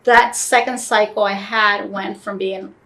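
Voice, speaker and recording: A woman's voice: medium pitch, steady tone, unhurried, pushed and bright. A woman telling a personal story in a casual interview, acting out both sides of the conversations she recalls.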